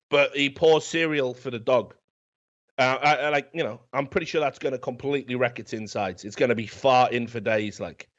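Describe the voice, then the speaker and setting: Man, podcast film reviewer, crude rambling recap, mid pitch, dull lo-fi sound. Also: fairly bright tone. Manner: rambling, profane storytelling. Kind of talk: casual comedic film review.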